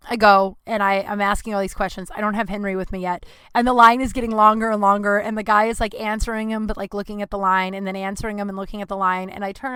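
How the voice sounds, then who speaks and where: A young woman hosts a podcast, rambling through a casual story with plenty of restarts, poking fun at herself and swearing freely. Her medium-pitched voice sounds pushed and bright, smooth and free of any room sound.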